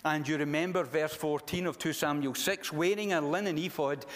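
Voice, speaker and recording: A man preaching a sermon in a conversational way, with frequent fillers and restarts. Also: on the high side. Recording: long reverb of a large hall.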